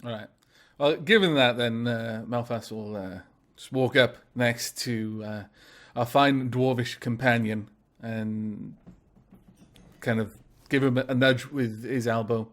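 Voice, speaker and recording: A man playing in a tabletop role-playing game on a live stream, describing his character's moves. He talks in a relaxed, chatty way and slips in small asides. His voice sits at a middling pitch. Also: slow pace. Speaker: player.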